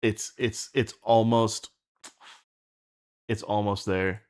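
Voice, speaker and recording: A man with a lowish voice talks slowly and loosely, working out a scene out loud. He restarts his sentences and swears casually as he goes. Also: level tone. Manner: rambling, halting, profane. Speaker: streamer writing an animation script. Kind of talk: casual thinking aloud.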